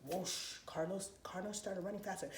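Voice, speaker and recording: A woman telling a story to preschoolers in an expressive, playful, sing-song way. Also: medium pitch, unhurried, background noise. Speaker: children's storyteller. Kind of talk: animated preschool story time. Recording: roomy echoey room, faint ambience.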